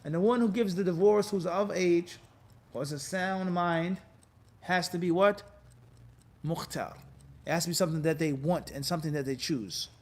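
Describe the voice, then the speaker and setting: A man with a high voice teaches a classroom lesson on religious law. He keeps the room engaged by quizzing students mid-sentence and playing out quick scenes to make each point stick. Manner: animated, quizzes class with repeated "what?" prompts; acts out quoted people in lively bits. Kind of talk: classroom lecture.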